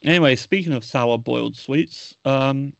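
A man's voice: mid-range voice, normal speed, creaky, no room sound. A man hosting a casual podcast chat, rambling a little and steering between topics. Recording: slightly dull lo-fi mic.

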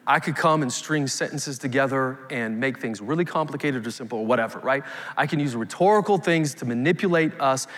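A man's voice: medium pitch, brisk, a bit bright. A male pastor in his thirties preaching a live sermon, emphatic, with rising calls to the congregation. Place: church sanctuary. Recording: long hall reverb.

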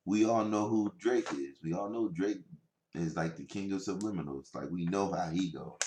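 A man chatting casually as a podcast co-host, telling stories in a laid-back, drawn-out way. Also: deep voice, warm tone, reverberant, slight background noise. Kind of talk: casual chat.

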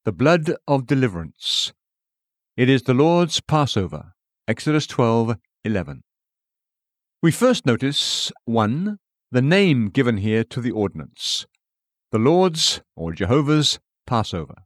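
A man reading a devotional book aloud in a measured way, quoting scripture and giving verse references. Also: mid-range voice, big pitch swings, dry recording, studio quality. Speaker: audiobook narrator.

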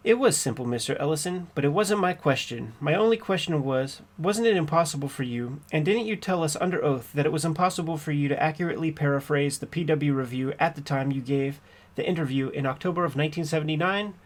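A man playing a persistent trial attorney, slightly high voice. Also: lightly acted. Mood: pressing. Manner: measured, pointed cross-examination. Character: persistent male trial attorney pressing a witness. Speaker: trial attorney questioning a witness. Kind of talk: courtroom transcript reading.

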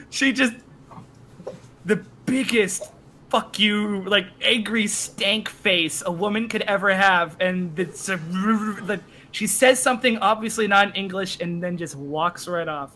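A Canadian man telling stories as a podcast guest, animated, swearing freely and acting out the people he quotes. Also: sits high, takes it slowly, slight background noise. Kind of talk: casual storytelling.

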